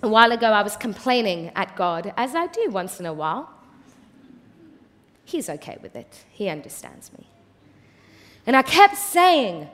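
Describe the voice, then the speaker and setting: A woman pastor preaching a passionate sermon in a large church hall, swinging from hushed tones to loud declarations. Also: mid-range voice, very animated, normal speed, pauses often. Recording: long hall reverb.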